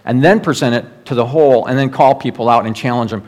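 A middle-aged pastor preaches earnestly and exhortingly in a steady, somewhat dark, mid-pitched voice, pressing his points by repeating them. Whenever he quotes a prayer or scripture, he slows down and drops his voice lower.

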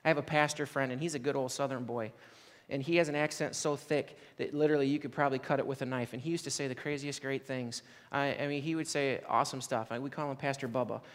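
A man's voice: medium pitch, fairly even intonation, fast, in a large hall. A man preaching a sermon as a pastor, telling stories in a casual, conversational way and often checking in with "right?". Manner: conversational storytelling, frequent "like" and "right?".

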